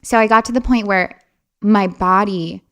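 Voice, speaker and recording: A woman's voice: medium pitch, steady tone, normal speed, fairly bright tone. A young woman, a podcast guest, telling a personal story in a casual, chatty way, with lots of "like" fillers and restarts. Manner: chatty, many "like" fillers and restarts, laughs often.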